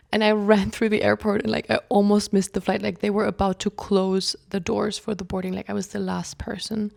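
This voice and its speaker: A young woman vlogger tells a personal story in a loose, chatty way, with a gravelly fry at the ends of her phrases. She keeps saying "like" and acts out what people said, jumping from excited bursts to near-whispers. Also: medium pitch, brisk. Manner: chatty, fills speech with "like"; acts out quoted speech, shifting between loud bursts and whispers.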